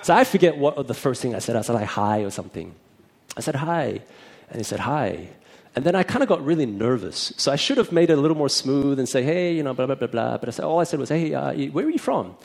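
A man's voice: medium pitch, animated, fast talker, gravelly. A man who is a minister, telling a personal testimony in a chatty storytelling way and acting out both sides of the conversation.

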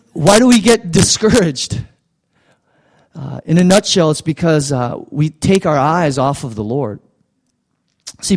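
Halting, conversational male preacher. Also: on the high side, darkish tone. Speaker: pastor. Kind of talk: sermon.

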